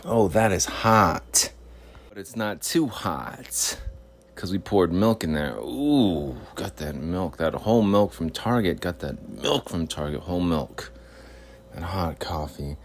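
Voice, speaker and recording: A man with a very deep voice rambles through a casual solo podcast from home. He is goofy and playful, with a faint hiss of noise behind him. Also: expressive, unhurried. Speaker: podcast host. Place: home with cats, in Boston.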